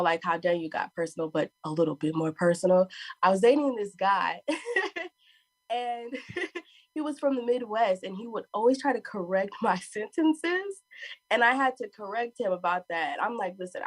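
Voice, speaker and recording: A woman with a Southern US accent, chatting on a conference panel and laughing often as she talks. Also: medium pitch. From Southern US (Florida). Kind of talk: casual panel talk.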